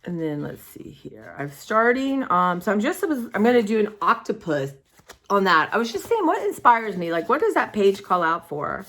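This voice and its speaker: A woman's voice: mid-range voice, big pitch swings, moderate pace, a bit bright. A woman, rambling chattily to her viewers in a casual art vlog. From United States. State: sore throat. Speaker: vlogger.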